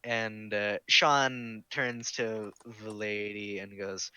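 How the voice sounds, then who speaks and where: A man's voice: on the low side, level tone, slow, hardly any pauses, bright, forceful tone, clear, resonant tone, no room sound, highs cut off. A man narrating as game master of a tabletop game in online voice chat, casual and full of fillers.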